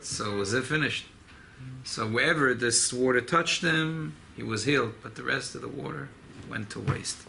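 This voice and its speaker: Gravelly rabbi telling a story in class. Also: male voice, medium pitch, normal speed, a little hiss or hum. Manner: animated storyteller, mixing Hebrew and Yiddish terms. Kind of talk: informal Torah class with storytelling.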